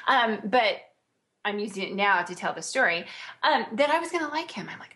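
A woman's voice: mid-range voice, big pitch swings, fairly quick, sharp tone. An American woman in casual conversation, bubbly and playful, laughing often and breaking into exclamations. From United States. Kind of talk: casual chat.

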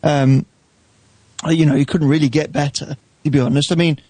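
A man's voice: a little high, level tone, moderate pace, a little mellow, no echo. A man on a podcast panel, playful and self-mocking.

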